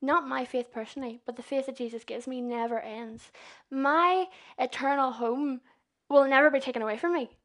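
A woman's voice: high voice, normal speed, hardly any pauses. A young woman with a Northern Irish accent giving an informal, earnest sermon in a chatty way, often checking whether the listeners follow her. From Northern Ireland. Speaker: young preacher.

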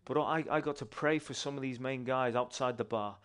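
A man, a church member giving a personal testimony in an animated, conversational way with restarts. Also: medium pitch, a little fast.

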